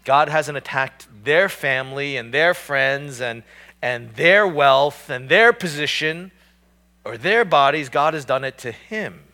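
A man's voice: fairly high pitch, lively intonation, unhurried, sharp tone, faint music behind. A man preaching a sermon in a conversational, emphatic way, often restarting his sentences. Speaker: pastor.

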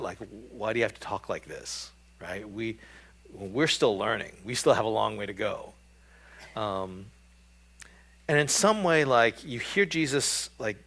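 A man's voice: mid-range voice, fairly bright tone. A man preaching a sermon in a conversational way, with frequent fillers and rhetorical questions. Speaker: pastor.

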